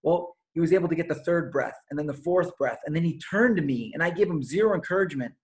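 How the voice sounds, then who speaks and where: A man's voice: a little high, expressive, quick pace. A man giving a motivational talk over a video call, conversational and full of stories, with fillers. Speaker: speaker.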